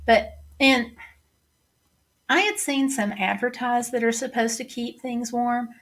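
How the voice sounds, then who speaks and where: A middle-aged woman with a Southern accent hosting a casual livestream, chatting and reading viewer comments aloud. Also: on the high side. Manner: chatty, reads comments aloud and answers them.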